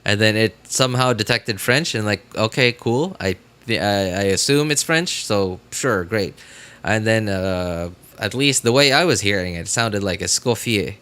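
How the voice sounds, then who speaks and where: A man's voice: lowish voice, lively intonation, normal speed, fairly bright tone, smooth. A man streaming a game, chatting casually and rambling, with many fillers, restarts and self-corrections. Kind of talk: casual live-stream chat.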